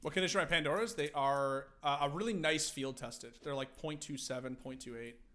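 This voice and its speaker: A man's voice: on the high side, fairly quick, bright, forceful tone. A man hosting a livestream watch party, talking casually to his chat in a rambling, freely swearing way.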